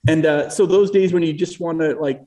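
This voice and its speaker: A man's voice: on the high side, brisk, warm tone, far from the mic. A middle-aged man from New England, talking as an interview guest in a rambling way, with many restarts and fillers. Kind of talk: casual interview chat.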